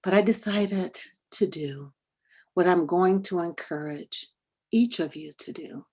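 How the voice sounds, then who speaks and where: A middle-aged woman giving a talk, telling a personal story expressively, sometimes dropping to a hush and sometimes rising with feeling, on a video call. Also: medium pitch, slightly rough. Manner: expressive, swings from hushed to animated. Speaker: workshop speaker on parenting and bias.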